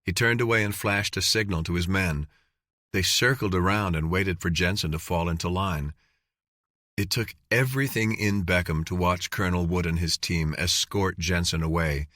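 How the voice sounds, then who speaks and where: Male audiobook narrator, scripted narration, very deep voice, dry close sound. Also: normal speed, pushed and bright, no room sound.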